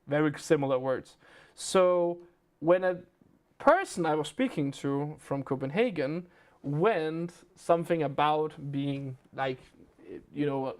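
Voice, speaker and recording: A young man with a Danish accent, hosting a live game stream in casual, chatty talk and laughing often. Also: a little high.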